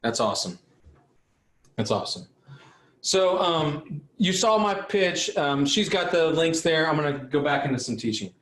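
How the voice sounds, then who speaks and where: A fired-up man gives a blunt pep talk to shop owners, swearing a little as he pushes them. His voice sits high for a man. The sound bounces around a roomy, echoey space. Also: animated, normal speed, a bit bright, far from the mic. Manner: fiery motivational, blunt, mild swearing. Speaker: business coach for auto repair shop owners. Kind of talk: live online coaching session.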